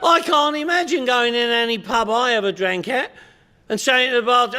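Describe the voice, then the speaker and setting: A middle-aged man with a London accent, telling comic stories to a crowd in a loud, joking, punchy way with bursts of shouting. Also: very high-pitched, brisk. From England. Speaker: recovery meeting speaker. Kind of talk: comic storytelling talk to a crowd.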